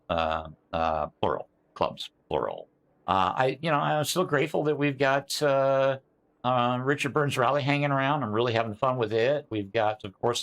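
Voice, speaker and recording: A man's voice: mid-range voice, fairly bright tone. An older man, rambling casually to his live-stream chat with many fillers and restarts, answering viewers by name. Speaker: sim racing streamer.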